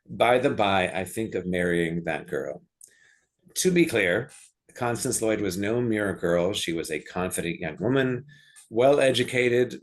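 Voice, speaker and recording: A man giving a prepared talk to a literary society, measured with wry asides. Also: fairly low pitch. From United States.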